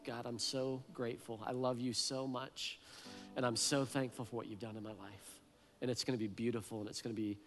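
A man's voice: medium pitch, fairly bright tone. A man in his thirties preaching a heartfelt sermon, earnest and emotional, often repeating his words. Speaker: pastor.

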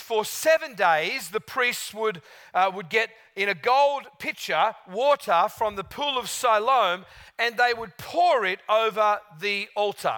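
A male pastor gives a sermon in a high, bright voice. His delivery is chatty and lively, full of little restarts as he tells his stories.

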